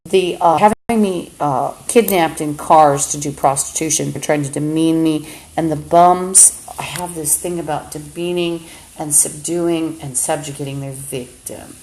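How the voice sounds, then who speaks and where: A woman's voice: low-pitched, fairly even intonation, unhurried, a little mellow. A woman talking into a phone on a livestream in an agitated, rambling monologue, swearing often. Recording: roomy echo, faint background hum.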